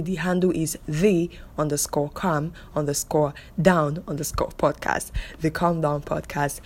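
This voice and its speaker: Woman, young adult, podcast host, emphatic, repetitive, husky. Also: low voice, a little mellow. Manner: emphatic, scolding, repeats phrases for stress. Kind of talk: solo podcast monologue.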